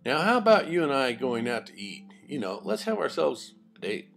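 A man voicing a sly male wolf who flatters smoothly while posing as a handsome ram. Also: mid-range voice, moderate pace, faint music behind, pitched above the performer's own voice. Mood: flattering.

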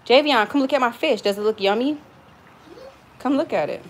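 A young woman with a relaxed Southern US accent talks on and on while she cooks at home, frank and full of stories, cursing without a second thought. Her voice sits a little on the high side. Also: moderate pace. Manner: chatty, frank, storytelling, swears freely. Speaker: cooking vlogger. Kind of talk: casual livestream chat while cooking. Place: home kitchen.

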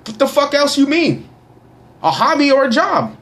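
A young man giving casual, boisterous shout-outs to followers in a profane, slangy way. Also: very high voice, very animated, moderate pace, a little hiss or hum. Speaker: vlogger reading social media shout-outs. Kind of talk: casual live shout-out chat.

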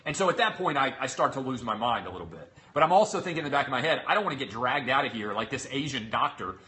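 A man's voice: mid-range voice, lively intonation, fast, pushed and bright. A man in his thirties hosting a talk show, retelling an ordeal in an exasperated, sarcastic way. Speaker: show host. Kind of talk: animated storytelling monologue.

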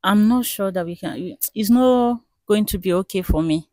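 A woman's voice: medium pitch, a little mellow, no room sound, clean studio sound, natural voice. A woman playing a hesitant shop owner. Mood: uncertain. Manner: hesitant, with many pauses and fillers. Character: female shop owner, worried, troubled by theft. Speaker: shop owner consulting the diviner.

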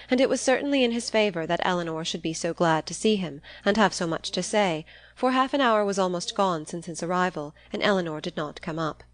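Low-voiced woman reading a classic novel. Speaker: audiobook narrator. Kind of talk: scripted narration of a classic novel.

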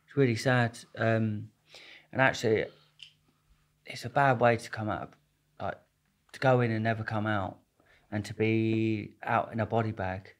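A man's voice: fairly low pitch, steady tone, unhurried. A young man, a podcast guest telling stories in a rambling, slangy way with plenty of swearing and restarts. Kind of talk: casual storytelling interview.

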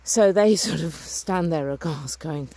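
This middle-aged woman has a low, warm voice and keeps a measured pace. She's a vlogger walking along a rural lane by a stream, talking casually to a phone or camera in her hand. Her manner is earnest, upbeat, and chatty, full of fillers.

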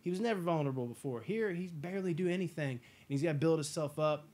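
A man hosting a casual movie review chat, enthusiastic and profane, acting out scenes in quick impressions. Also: fairly high pitch, a little mellow. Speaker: podcast host.

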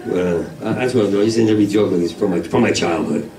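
Manic New York stand-up comic. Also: male voice, deep voice, fast talker. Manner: manic, rambling, swings between yelling and mumbling. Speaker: stand-up comedian. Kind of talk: stand-up routine. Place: comedy club main room. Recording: roomy club sound from a far mic, audience laughter.

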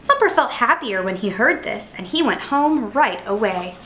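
Lady reading a kids' picture book out loud, expressive, kinda high voice. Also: normal speed, few pauses, poor audio. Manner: clear, expressive storybook narration. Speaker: storyteller.

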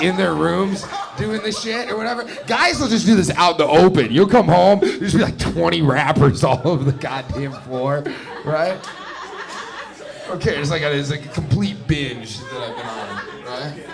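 A man's voice: a little high, gravelly, distant mic. A man in his twenties doing a profane, rambling stand-up set on a comedy club stage, often laughing at his own jokes. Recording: live club recording with audience laughter. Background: audience laughing.

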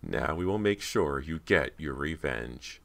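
A man voicing a falsely warm, sinister older woman. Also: extremely low pitch, big pitch swings, moderate pace, vocal fry, exaggerated voice.

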